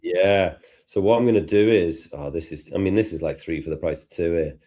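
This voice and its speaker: A man with a Liverpool accent presenting a live tutorial in a relaxed, self-deprecating way. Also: deep voice, brisk. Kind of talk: casual live tutorial chat.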